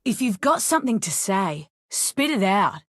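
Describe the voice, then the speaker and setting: A brusque, impatient game fighter with a put-on Australian accent. The recording is dry and close. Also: female voice, medium pitch, sing-song, unhurried, no room sound.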